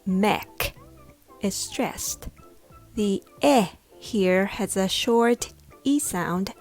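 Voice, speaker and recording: This is a woman with a mid-range, somewhat dark voice, teaching a scripted pronunciation lesson. She goes slowly and deliberately, carefully sounding out each syllable.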